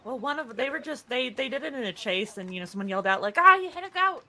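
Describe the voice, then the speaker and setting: Woman, bright crisp tone, chatty storyteller in casual roleplay, slight background hiss. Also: on the high side, quick pace. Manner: chatty, storytelling, laughs while talking. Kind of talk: casual in-character roleplay chat.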